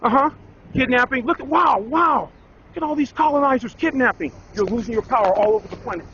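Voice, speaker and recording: Man, high pitch, defiant and insistent, muffled lo-fi street clip. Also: a little fast, a bit bright. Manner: defiant, insistent, repeating phrases. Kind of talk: heated confrontation caught on camera. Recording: dull, lo-fi clip with faint background noise.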